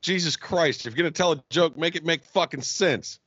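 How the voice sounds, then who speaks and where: A man's voice: a little high, a little fast, fairly bright tone, no echo, muffled recording. Brash, foul-mouthed podcast man. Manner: brash, profane, mocking. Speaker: podcast co-host. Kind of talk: crude comedy podcast banter.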